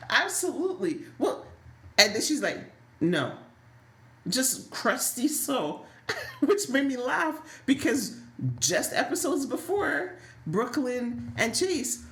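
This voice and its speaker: A woman's voice: high voice, very animated, takes it slowly, fairly bright tone, reverberant. A woman co-hosting a casual chat podcast about a soap opera, recapping scenes and laughing easily. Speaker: podcast co-host.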